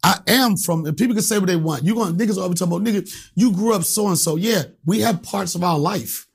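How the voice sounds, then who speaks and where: A stand-up comedian from Alexandria, Virginia, telling profane stories as a guest and acting out the voices in them. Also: male voice, high-pitched, fast, creaky, breathy edge. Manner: profane, acts out voices in anecdotes. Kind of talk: animated storytelling.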